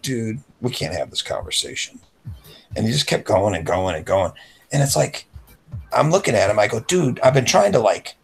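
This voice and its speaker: A man's voice: fairly low pitch, creaky. A man co-hosting a casual podcast chat, telling a rambling story and acting out the voices of people he quotes. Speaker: podcast co-host.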